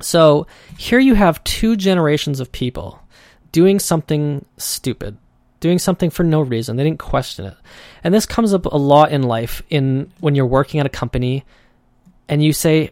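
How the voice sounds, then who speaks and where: A man's voice: mid-range voice, normal speed, a little mellow, dry recording, studio quality. A man hosting his own podcast, talking loosely and conversationally and acting out the voices he quotes. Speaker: podcast host. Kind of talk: casual solo podcast monologue.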